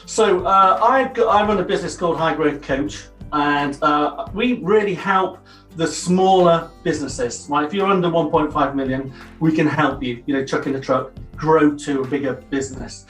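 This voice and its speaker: A man's voice: on the high side, normal speed, a bit bright, soft background music. A man, a business coach on a podcast, explaining his method in an earnest, down-to-earth way over a video call. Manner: earnest, explanatory, self-deprecating. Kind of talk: interview answers. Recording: roomy, distant from the mic.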